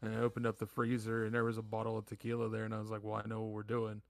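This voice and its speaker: Gravelly laid-back man telling stories. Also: on the low side, monotone, very fast, dry recording. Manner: laid-back storytelling, frequent swearing. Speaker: podcast co-host. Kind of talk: casual chat.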